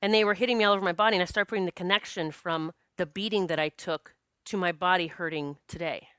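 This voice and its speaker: A woman podcast host and psychic medium telling a personal story in a casual, animated, earnest way, with many restarts and quoted self-talk. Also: fairly low pitch, fast talker, clear, resonant tone, no echo, studio quality. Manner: spiritual, earnest.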